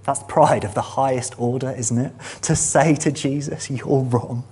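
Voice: medium pitch, normal speed, a little mellow, slightly rough. A preacher giving a sermon in a church meeting room, earnest and building to emphatic peaks.

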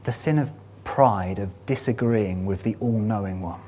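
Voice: mid-range voice, moderate pace, warm tone, slight background noise. A preacher giving a sermon in a church meeting room, earnest and building to emphatic peaks.

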